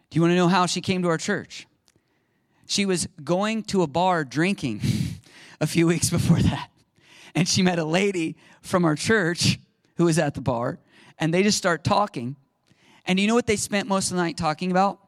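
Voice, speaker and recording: Man preaching an animated sermon, dry sound. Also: high-pitched, no echo. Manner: storytelling, animated and conversational. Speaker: pastor. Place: church sanctuary.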